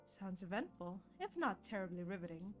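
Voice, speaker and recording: Hyde, a woman's hushed vampire voice. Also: medium pitch, very animated, faint music behind, pitched below the performer's own voice, natural voice. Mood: aloof. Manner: measured, dry, aloof. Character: suave ageless male vampire model, calm. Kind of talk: streamer voicing game dialogue.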